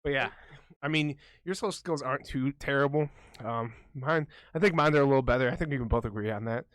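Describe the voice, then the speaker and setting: Young guy rambling on a podcast, swears constantly, loud and rowdy, dry close mic. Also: mid-range voice, quick pace, no echo. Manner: rambling, profane, boisterous. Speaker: podcast co-host. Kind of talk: casual podcast chat.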